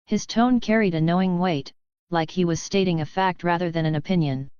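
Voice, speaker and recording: Low-voiced woman narrating an audiobook. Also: moderate pace, darkish tone, smooth, no room sound, dull audio.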